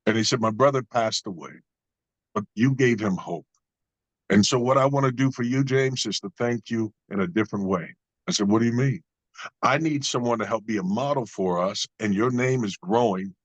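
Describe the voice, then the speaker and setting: A man's voice: fairly low pitch, normal speed, dry recording, poor audio. A man telling a personal story in a conversation, earnest and preacher-like in his cadence. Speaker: guest.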